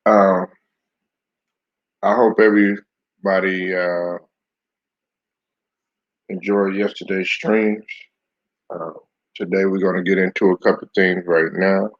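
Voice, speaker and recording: Casting note: very low, husky male host, relaxed live-stream sports chat, muffled lo-fi sound. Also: takes it slowly, pauses often, no echo. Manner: loose, chatty, greets viewers by name.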